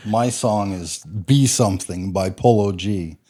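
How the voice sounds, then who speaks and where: A man's voice: fairly low pitch, unhurried, warm tone. A man co-hosting a podcast, speaking in a plain, earnest way. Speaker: podcast co-host. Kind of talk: casual podcast chat.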